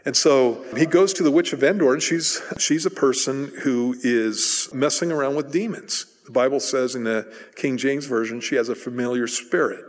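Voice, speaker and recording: A man's voice: medium pitch, moderate pace, few pauses. Conversational male preacher in a reverberant hall. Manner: conversational storytelling, acts out voices in retellings. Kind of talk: sermon.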